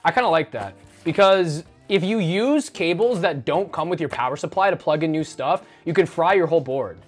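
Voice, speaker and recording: High-voiced joking male streamer. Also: animated, moderate pace, slightly rough. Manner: rambling, joking, swears casually. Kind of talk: casual livestream chat. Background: faint background music.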